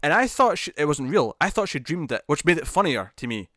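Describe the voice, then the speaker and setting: Animated male podcast co-host. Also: on the high side, no echo, clean studio sound. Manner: animated, laughing, quick retelling with acted quotes. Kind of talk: casual chat about TV episodes.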